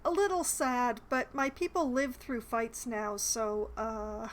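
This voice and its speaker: A woman's voice: on the high side, steady tone, slow, slight background noise. A woman casually commenting while she plays a game, chatty and a bit hesitant, poking fun at herself. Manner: chatty, hesitant, self-deprecating. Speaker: streamer playing a game.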